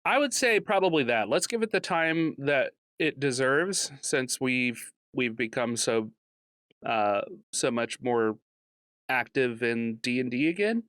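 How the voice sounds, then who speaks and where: Podcast co-host, male, slow deliberate delivery, joking and animated, dead-dry recording. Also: mid-range voice, no room sound. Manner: animated, laughs often, jokey asides. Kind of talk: casual chat.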